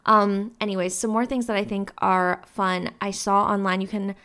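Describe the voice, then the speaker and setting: A woman's voice: medium pitch, steady tone, normal speed, fairly bright tone, clean tone. A woman in her twenties hosting her own podcast, rambling in a casual, upbeat way with lots of fillers. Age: 20s. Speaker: podcast host. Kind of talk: casual solo podcast talk.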